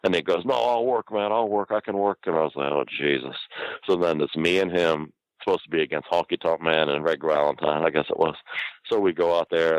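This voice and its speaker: An older man with a very low voice tells a long, profane story in a loose, rambling way. He laughs through his own lines. The recording is dry and close. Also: no room sound, muffled recording. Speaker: guest. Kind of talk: casual anecdote telling.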